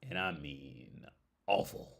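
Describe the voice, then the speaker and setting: A young man hosting a casual livestream, swearing freely and breaking into loud laughs. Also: rumbling low, animated, takes it slowly, gravelly, breathy edge. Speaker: livestream host.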